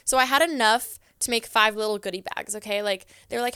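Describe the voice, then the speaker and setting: A woman's voice: a little high, fairly even intonation, rapid-fire, hardly any pauses, pushed and bright, smooth, dry recording, clean studio sound. A young woman from Southern California, a podcast guest telling a story in a chatty way, full of "like" and acted-out quotes of herself. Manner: chatty, heavy on "like", acts out her own past lines. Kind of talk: casual storytelling. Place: podcast studio.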